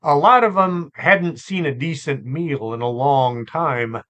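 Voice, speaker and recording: A man's voice: a little high, a little slow. Chatty man telling strange stories. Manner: relaxed and chatty, with asides and fillers. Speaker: host and storyteller. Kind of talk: conversational storytelling podcast.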